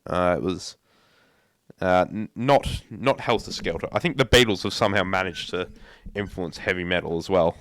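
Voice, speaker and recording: A man hosting a casual podcast, pitched on the low side and recorded close and dry with no room sound. He rambles, trips over repeated words and fires off opinions. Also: moderate pace, a bit bright, no echo. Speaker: podcast host.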